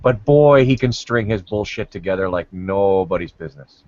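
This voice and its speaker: A man's voice: sits low, expressive, moderate pace, darkish tone, no room sound. A man hosting a casual online debate chat, joking crudely and rambling, heard over a video call. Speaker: hangout host. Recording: dull lo-fi call audio.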